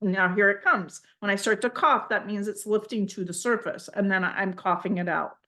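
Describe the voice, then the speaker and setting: A woman leading a guided healing session, speaking gently and reassuringly, calling the listener honey and checking in with "okay?" often. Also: medium pitch, normal speed. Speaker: spiritual energy healer.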